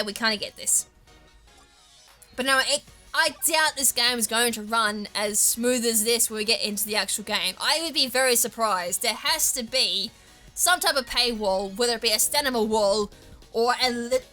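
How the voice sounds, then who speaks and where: Casual Australian woman gamer, tangent-prone commentary, bright tone, light music bed. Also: on the high side. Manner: chatty, rambling, goes off on tangents. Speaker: gaming YouTuber. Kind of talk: casual let's-play commentary.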